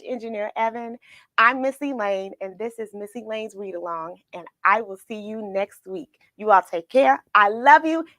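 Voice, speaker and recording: A woman's voice: on the high side, fairly bright tone, no echo. A woman hosting a children's read-along livestream, talking tenderly and emotionally to viewers she calls friends. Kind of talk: casual livestream chat after reading.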